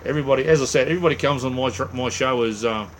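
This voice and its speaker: A man's voice: mid-range voice, racing. An Australian man talks loosely through a live chat with his viewers, drifting between topics with plenty of fillers. His voice sits in an ordinary middle register and sounds tired from a short night. A faint hiss of background noise sits under the voice. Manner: rambling and laid-back, heavy on "mate" and "um". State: tired from little sleep. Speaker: livestream host.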